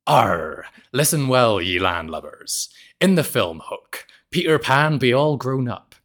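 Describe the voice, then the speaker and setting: A man's voice: mid-range voice, very animated, takes it slowly, fairly bright tone, heavily acted. Man hamming up a West Country pirate narrator. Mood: swaggering. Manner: hammy, growling pirate exclamations.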